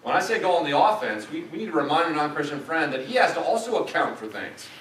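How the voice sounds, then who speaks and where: A man's voice: a little high, expressive, fast talker, fairly bright tone, a little hiss or hum. Middle-aged man, church lecture, conversational, dry humor, echoey sanctuary, distant mic. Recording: echoey church room from a distance, faint ambience.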